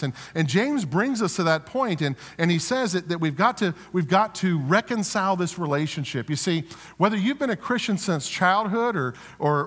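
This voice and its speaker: A male pastor preaching in a casual, storytelling way, often restarting phrases and tossing rhetorical questions to the congregation. His voice sits fairly high for a man. It rings with a long reverb through a church sanctuary. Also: a bit bright. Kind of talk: sermon.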